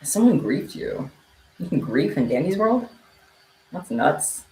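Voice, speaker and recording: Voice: medium pitch, moderate pace, slight background noise. A livestream host chatting casually with viewers, playful and teasing, laughing often. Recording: echoey room.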